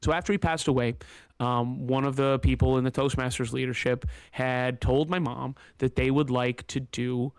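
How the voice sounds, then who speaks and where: A man's voice: medium pitch, fairly even intonation, normal speed, clear, resonant tone, no room sound. A man hosting a podcast, telling a personal story in a candid, emotional, rambling way with many fillers, close to tears. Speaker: podcast host.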